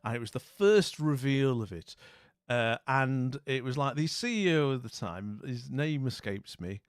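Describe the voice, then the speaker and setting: Chatty British man with a lively voice. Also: medium pitch, measured pace, clear, resonant tone, no room sound, studio quality. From Britain. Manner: rambling, chatty, full of asides and self-mockery. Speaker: channel host. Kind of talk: casual anecdote.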